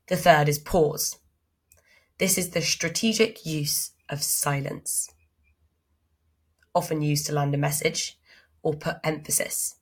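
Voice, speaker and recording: Low, slow-spoken woman voice coach. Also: a bit bright. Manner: demonstrates pace, pitch and volume changes as she explains. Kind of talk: instructional talk on vocal technique.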